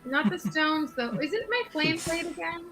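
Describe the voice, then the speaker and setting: Woman player, bright higher voice, playful and chatty, faint music underneath. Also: animated, moderate pace, low-quality recording. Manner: playful, giggly, thinks aloud. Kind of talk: playing a tabletop game on stream.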